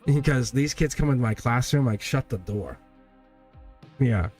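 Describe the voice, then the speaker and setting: A man's voice: mid-range voice, expressive, measured pace, a little mellow, faint music behind. A man in his forties hosting a live tarot stream, talking in an emphatic, rambling way and laughing between points. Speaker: tarot reader and livestream host.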